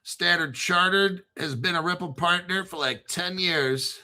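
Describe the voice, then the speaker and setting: In an unhurried, rambling monologue, a high-voiced man with a piercing, very bright tone hosts a crypto show. He's excitable and swears a lot, pausing at times to spell out names letter by letter.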